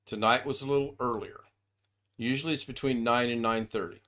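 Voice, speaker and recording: A man's voice: mid-range voice, steady tone, fairly quick, bright, forceful tone. A man hosting a casual live stream, chatting loosely and reading out viewers' names. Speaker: livestream host.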